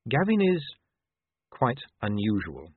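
A man's voice: medium pitch, huge pitch swings, slow pace, slightly rough, dry recording, full character voice. A man voicing a blunt, sarcastic young woman who is a werewolf. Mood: sardonic. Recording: tinny lo-fi dry recording.

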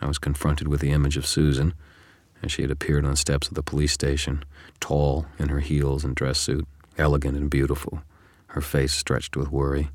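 Male audiobook narrator, measured, very deep, dry close sound. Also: completely flat delivery, dry recording. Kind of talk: scripted first-person narration.

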